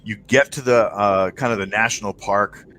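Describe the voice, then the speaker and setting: A man with a low voice and a bright, forceful edge runs a tabletop game for his players on a stream. He narrates loosely, with lots of ums and restarts, and there is a faint hiss on the recording. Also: moderate pace. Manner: rambling, many fillers and restarts, chuckles while narrating. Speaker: game master.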